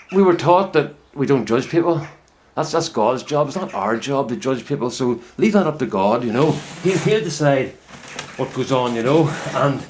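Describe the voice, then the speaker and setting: A man's voice: medium pitch, darkish tone. A middle-aged man rambles to his camera from inside a greenhouse, drifting from one reflective thought to the next in an easy, chatty way. His voice sits in a middling range, and a light background hiss runs under his words. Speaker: home potato grower vlogger. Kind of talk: casual talk to camera.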